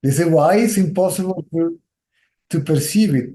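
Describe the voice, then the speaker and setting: Man, Indian-tinged English accent, spiritual teacher, patient explaining, warm low brightness, roomy echo. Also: normal speed. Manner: explains patiently, keeps checking with "right?". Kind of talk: nondual teaching talk.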